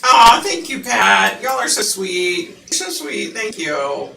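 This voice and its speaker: A woman hosting a psychic livestream, chatting casually with viewers and laughing often; her voice sounds unusually deep through the mic. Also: very animated, slow pace, vocal fry, pushed and bright, roomy sound, distant mic, slight background noise, low-quality recording.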